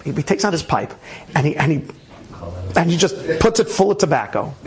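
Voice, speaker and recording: A man telling a story casually, animated, with frequent restarts and laughter. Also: fairly high pitch, normal speed.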